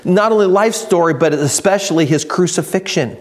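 A man preaching a sermon, reading scripture slowly and building to emphatic, raised delivery. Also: high-pitched. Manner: reads scripture slowly and deliberately. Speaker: pastor.

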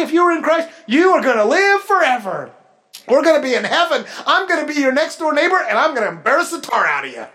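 A man from the Pacific Northwest preaching a sermon in church as pastor. He swings between loud, lively stretches and soft, hushed ones. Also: very high voice, fast. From Pacific Northwest, United States.

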